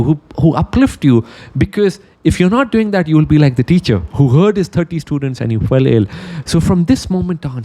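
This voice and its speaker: Man, motivational speaker, storytelling talk, warm mellow voice, animated. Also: on the high side. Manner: animated storyteller, acts out quotes.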